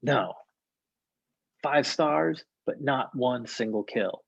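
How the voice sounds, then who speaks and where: A man reading a cynical young male homeless veteran, husky, in a streetwise, sneering way. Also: medium pitch, takes it slowly, dry recording, dull audio.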